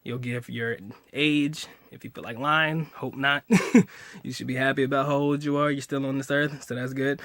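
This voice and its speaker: A man's voice: mid-range voice, flat delivery, normal speed, fairly bright tone, no echo. A man in his late twenties casually teaching simple phrases in a home video, joking and laughing easily with slangy talk. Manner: laid-back, joking, slangy, laughs often.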